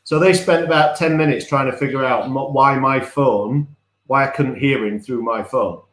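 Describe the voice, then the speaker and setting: A man's voice: medium pitch, normal speed, a bit bright. Rambling, chatty man in an echoey room. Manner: chatty, rambling, laughs at himself. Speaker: podcast co-host. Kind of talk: casual live-stream chat.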